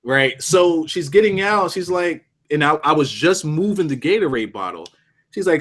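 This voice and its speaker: A young male co-host on a casual podcast tells a long, animated anecdote, often restarting and swearing here and there. His voice is a bit high and his pace moderate.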